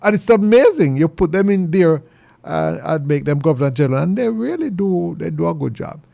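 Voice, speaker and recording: Jamaican guy ranting on his show, gravelly voice, dry close sound, goes way up high when he makes a point. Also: animated, fairly quick, warm tone, no room sound. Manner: earnest and preachy, pitch jumps high for emphasis. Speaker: commentary show host. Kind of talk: opinion monologue.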